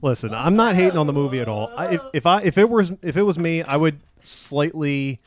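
Guy on a podcast, lively pitch, sounds like a crowd in the background. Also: brisk. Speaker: podcast co-host. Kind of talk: casual movie podcast chat.

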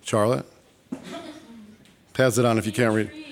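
A man's voice: mid-range voice, steady tone, normal speed, pauses often. Man, live show host, chatty, self-deprecating, on stage before an audience.

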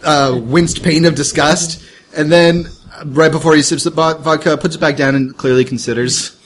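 A man's voice: fairly high pitch, steady tone, moderate pace, slight background noise. A man as a player in a tabletop game, joking wryly in casual chat. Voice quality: wry, joking.

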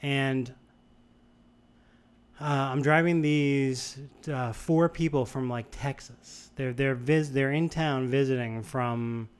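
A young man from the Boston area telling a long anecdote in casual chat, rambling and animated, with many restarts. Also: medium pitch, takes it slowly, clear, resonant tone. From Boston area, USA.

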